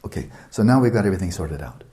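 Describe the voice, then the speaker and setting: A man's voice: sits low, animated, racing, warm tone. A man giving a retreat dharma talk as a meditation teacher, explaining at length, repeating words for emphasis and turning to the listeners with asides.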